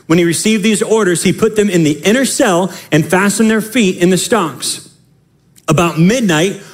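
A male pastor preaching a sermon in an animated, emphatic way, often repeating phrases. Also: sits high.

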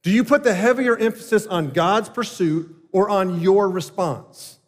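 Earnest preaching man in a reverberant hall. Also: high-pitched. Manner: earnest, emphatic preaching with pauses. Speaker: pastor. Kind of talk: sermon.

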